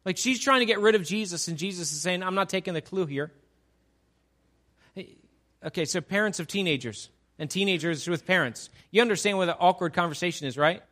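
A man preaching a sermon in a lively, conversational way, often asking his listeners rhetorical questions. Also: high-pitched, fast. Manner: conversational, animated, asks the audience rhetorical questions. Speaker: pastor.

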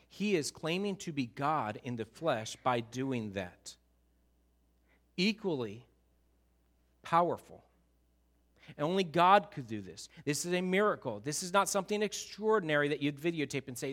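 A male pastor delivers a sermon in a church sanctuary, speaking into a stage microphone. His voice sits high and sounds bright and forceful. He tells the story in an animated way, jumping from loud outbursts down to soft, quiet remarks. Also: a little slow, long pauses.

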